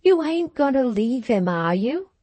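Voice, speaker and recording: A woman playing a tearful homely lady, high and rustic. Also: sing-song, measured pace, dark tone, no echo, exaggerated voice. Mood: pleading, indignant. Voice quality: broad rustic dialect speech. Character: tearful, homely, plain-spoken baronet's wife.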